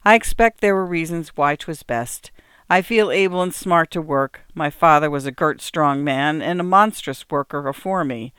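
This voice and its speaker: A woman's voice: sits low, moderate pace, a bit bright, smooth, dry recording, clean studio sound. A woman reading aloud and voicing a kind-hearted, hardworking farmer in old rural dialect, earnest and homely in manner. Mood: sad. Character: kindly hardworking farmer man, cheerful yet grieving.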